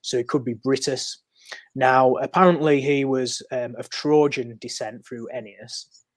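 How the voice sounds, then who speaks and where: A man's voice: mid-range voice, normal speed, dry recording. A man talking as a podcast guest, explaining history in a loose, storytelling way with frequent ums and restarts. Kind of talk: conversational explaining. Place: podcast recording.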